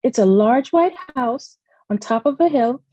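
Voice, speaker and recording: A woman voicing a frightened, tearful little girl who is lost, speaking in a high, pleading voice. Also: expressive, a little slow, mellow, no echo, muffled recording.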